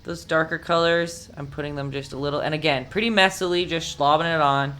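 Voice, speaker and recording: Speaking a little fast in a low, fairly bright voice with fairly even intonation, a painting instructor teaches live online, chatting warmly, encouraging viewers and humming to herself.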